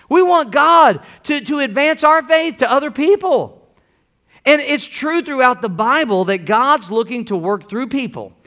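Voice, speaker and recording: A man's voice: very high voice, sharp tone. A man preaching a sermon to his church in a folksy, emphatic way, repeating phrases for stress. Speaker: pastor. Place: church sanctuary.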